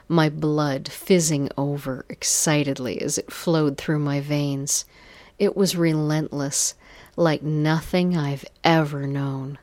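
A woman narrating a scripted erotic story in a breathy, drawn-out delivery that slips into whispers. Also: deep voice, darkish tone, no room sound.

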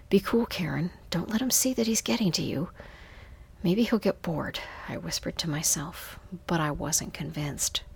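A woman reads an intimate first-person story in a soft, hushed voice. Her tone is low and breathy, and she takes it slowly and unhurriedly. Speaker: narrator.

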